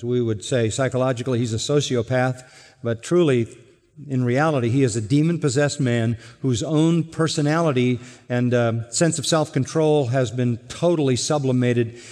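A man's voice: mid-range voice, a little mellow. Man preaching in a reverberant hall. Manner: earnest, emphatic preaching with dramatic slow stresses. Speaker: pastor. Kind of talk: expository sermon.

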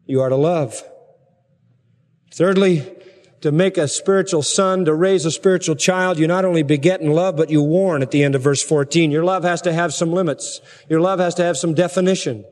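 A man preaching a sermon as pastor, emphatic, with forceful rhetorical peaks. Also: on the high side, normal speed. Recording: long hall reverb.

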